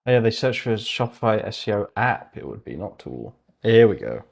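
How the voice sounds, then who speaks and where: A young man talks through a casual livestream, thinking aloud and bursting into excited ideas before trailing off into low muttered asides. His voice sits a little low for a man, and he laughs often at his own plans. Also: moderate pace, gravelly, breathy edge. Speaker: host.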